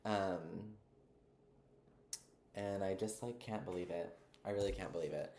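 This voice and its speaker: Excitable young man, low voice. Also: unhurried, a little hiss or hum. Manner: excited, rambling, lots of fillers. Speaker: vlogger. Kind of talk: casual storytelling.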